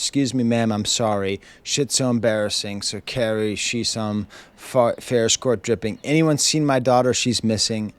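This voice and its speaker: At home with his dog, a music reviewer casually reviews an album, wry and chuckling as he reads lyrics aloud. His voice is medium-pitched and there's no echo.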